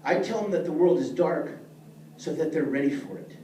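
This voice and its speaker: A man's voice: a little high, animated, a little fast, warm tone. A middle-aged man teaching a leadership class, earnest and plain-spoken, talking straight to the people in front of him. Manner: earnest, plain-spoken, addresses listeners directly. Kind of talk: speaking to a class. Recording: echoey room, mic far off, faint noise.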